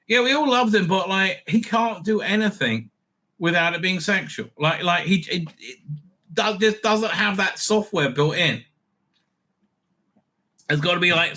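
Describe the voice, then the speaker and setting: A man's voice: fairly high pitch, pushed and bright. A man hosting a channel, giving sarcastic, profane commentary over clips and dropping into exaggerated mocking voices.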